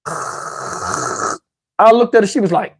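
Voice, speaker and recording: A middle-aged man telling a comic story, animated, with loud outbursts while acting out quotes. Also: high-pitched, slow, slightly rough. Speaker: comedian. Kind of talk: stand-up storytelling.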